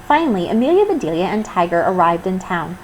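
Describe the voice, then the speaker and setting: A woman reading a children's storybook aloud, with expressive, animated storytelling. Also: on the low side, fast, a little hiss or hum, poor audio. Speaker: storybook reader. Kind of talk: children's read-aloud narration.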